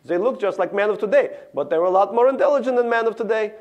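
A man's voice: sits high, fast, a little mellow, dull audio, voice pushed up, close to an everyday voice. A man putting on a proud Russian-accented boy. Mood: earnest. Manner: proud, careful reading aloud. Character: earnest eleven-year-old immigrant boy author. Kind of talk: reading a memoir aloud.

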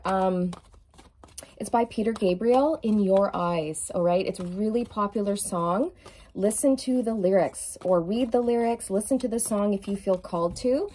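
A woman doing an effusive, emphatic tarot reading, stretching out key words and now and then singing a lyric softly. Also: medium pitch. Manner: sings song lyrics softly at times. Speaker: tarot reader.

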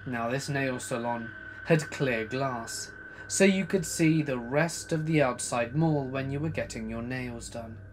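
Man, horror story narrator, scripted reading, mid-range pitch, dramatic, loud bursts, hushed asides. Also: unhurried, a little hiss or hum.

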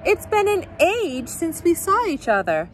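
A theatrical diva of stage and screen, as a woman reader puts her on, pitched well up with a lively, swooping delivery. She gushes in a fake, grand English accent, full of storybook drama. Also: measured pace, slight background noise, exaggerated voice. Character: glamorous female soap opera star, theatrical diva.

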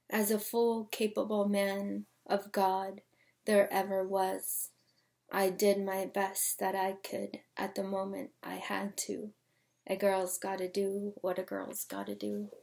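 A woman's voice: mid-range voice, completely flat delivery, takes it slowly, gravelly, a little mellow. A woman performing dramatic spoken-word poetry, theatrical and often dropping into whispers.

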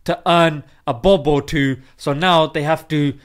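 High-voiced man ranting playfully. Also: steady tone, measured pace. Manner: playful, chatty, slangy delivery. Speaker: Islamic video host. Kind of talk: comic ranting commentary.

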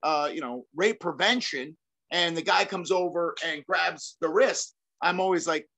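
Energetic, rambling middle-aged man. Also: a little high, measured pace. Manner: energetic and rambling, with many restarts, fillers and casual swearing. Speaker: guest, former fighter and self-defense trainer. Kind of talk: casual interview conversation.

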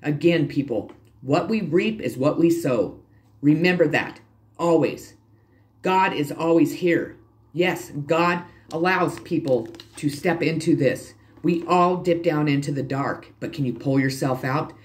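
A man's voice: on the high side, a little slow. A man giving a spiritual tarot reading to his channel's viewers, preachy and blunt, swearing freely and repeating himself for emphasis. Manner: emphatic and repetitive, addresses viewers directly. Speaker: tarot reader and channel host.

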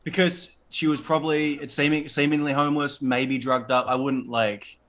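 A man as a podcast guest, telling a story in casual chat, halting with many fillers and restarts. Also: on the high side, little pitch movement, fairly bright tone.

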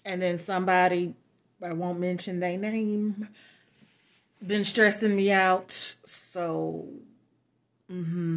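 A woman's voice: on the low side, fairly even intonation, very slow, long pauses. A woman vlogger chatting casually through product reviews, blunt and frank, cussing freely and laughing often. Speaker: beauty and lifestyle vlogger.

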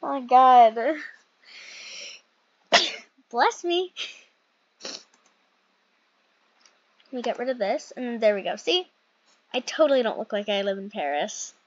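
A woman's voice: fairly high pitch, lively intonation, slow, long pauses. A young woman casually commentating a role-play game in a chatty, rambling way, often correcting herself. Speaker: gaming channel host. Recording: dull lo-fi mic.

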